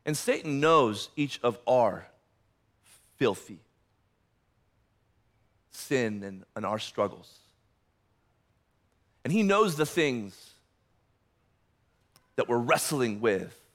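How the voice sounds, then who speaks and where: A man's voice: medium pitch, expressive, drawn-out words, long pauses, fairly bright tone. A male pastor preaching a sermon, emphatic and passionate, often repeating words as he builds momentum.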